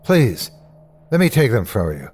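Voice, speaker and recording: A man voicing an eerie, maimed man who speaks in a slow, hissing, sing-song way. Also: on the low side, huge pitch swings, a little mellow, breathy edge, full character voice. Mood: pleading menace.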